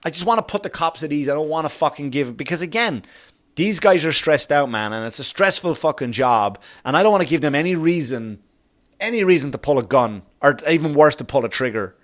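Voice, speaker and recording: A man with a fairly high, animated voice rambles briskly through his solo comedy podcast. He swears freely and grows more heated as he goes.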